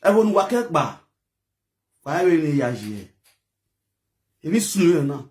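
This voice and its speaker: Nigerian guy, high voice, angry scolding rant, keeps shouting. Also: big pitch swings, normal speed. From Edo State, Nigeria. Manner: heated, scolding, bursts into shouting. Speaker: social media commentator. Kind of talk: angry ranting monologue.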